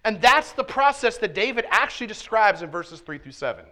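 Bright-voiced preacher, loud then hushed. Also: male voice, high voice, sing-song, fairly quick. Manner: conversational preaching, swings from loud emphasis to hushed asides. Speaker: pastor. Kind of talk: sermon. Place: church sanctuary.

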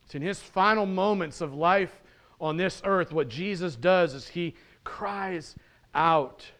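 Pastor, American man, high pitch; preaching that swings between hushed intensity and exultant shouting. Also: takes it slowly. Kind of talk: sermon.

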